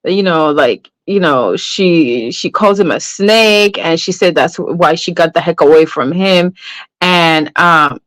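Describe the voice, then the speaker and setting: A woman's voice: lowish voice, measured pace, a bit bright, no echo. Chatty woman hosting a gossip livestream. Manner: chatty, tags lines with "right?" and "okay?"; greets chat viewers mid-story. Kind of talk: casual livestream commentary.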